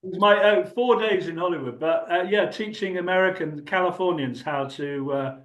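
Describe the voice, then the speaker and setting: Older man, chatty storyteller, somewhat raised pitch, roomy echo. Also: normal speed. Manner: chatty, rambling, laughs often. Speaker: actor and guest. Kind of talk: anecdotal storytelling.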